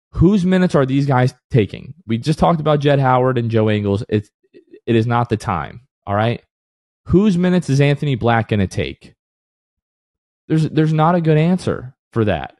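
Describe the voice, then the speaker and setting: A man's voice: medium pitch, a little mellow, no room sound, studio quality. A man co-hosting a casual sports podcast who rants with heat, then apologizes for it half in jest. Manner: heated, ranting, then mock apologetic. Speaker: podcast co-host.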